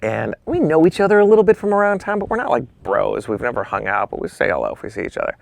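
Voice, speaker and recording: A man, a photographer and interview guest, telling animated stories and acting out the dialogue with casual swearing. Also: mid-range voice, fast, gravelly, no room sound. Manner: acts out quoted dialogue in shifting voices. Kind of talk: animated storytelling.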